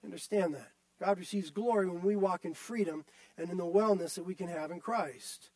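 A man's voice: sits high, moderate pace, a little mellow, dry recording. A male pastor delivering a sermon, emphatic and repetitive, often turning to the listeners directly.

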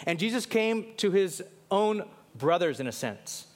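A man preaching a sermon, swinging from loud emphatic questions to low, quiet lines and acting out biblical characters in quick asides. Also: very animated. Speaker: pastor.

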